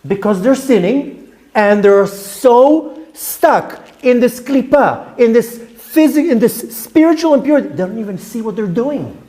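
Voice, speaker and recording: A man preaching as a rabbi, fiery and rebuking, repeating words for emphasis and swinging between shouts and hushed tones. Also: very high voice, expressive, measured pace. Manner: repeats words for emphasis, asks rhetorical questions. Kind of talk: impassioned sermon.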